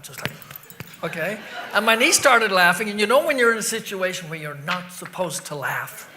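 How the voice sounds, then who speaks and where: A middle-aged Irish man, a rock singer being interviewed, telling animated stories that wander off on tangents and act out scenes with sound effects. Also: sits high, brisk. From Ireland. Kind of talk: anecdotal interview storytelling.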